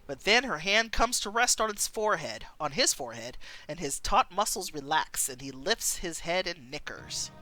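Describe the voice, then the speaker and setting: A woman streamer reading a story game aloud and chatting between scenes, animated. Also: on the low side, normal speed, hardly any pauses.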